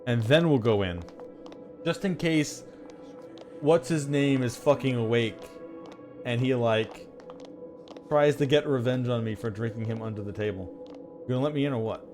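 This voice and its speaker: A man's voice: medium pitch, normal speed, long pauses, darkish tone, soft background music. A man streaming a video game live, chatting casually with swearing and reading game text aloud.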